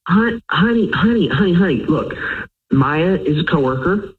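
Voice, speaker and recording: A man's voice: on the high side, expressive, moderate pace. Stammering man on a tinny phone line. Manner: hesitant, stammering, defensive. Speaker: prank call target. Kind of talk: phone conversation.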